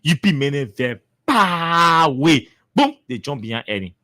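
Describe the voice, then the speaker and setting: A radio talk show host with a Liberian accent, giving commentary in an emphatic, repetitive, animated way. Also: medium pitch, normal speed, dry recording.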